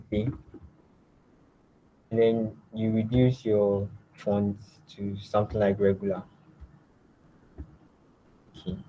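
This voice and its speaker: Low-voiced man teaching a design lab. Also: low-quality recording. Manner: step-by-step instructions, often trailing off quietly. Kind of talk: screen-share software tutorial.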